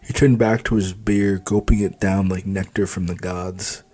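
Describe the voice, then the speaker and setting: An author reads his own novel aloud in the first person, narrating at a normal speed. His low voice keeps the audiobook reading steady and even.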